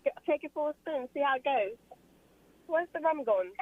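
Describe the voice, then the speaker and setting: A rambling male used car salesman, improvised by a British woman on a call-in. Her voice is high and her lines ramble on with laughing ad-libs. The sound comes through a dull, muffled phone line. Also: animated, moderate pace, dry recording. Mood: pushy. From Britain. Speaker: caller. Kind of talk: improvised radio acting.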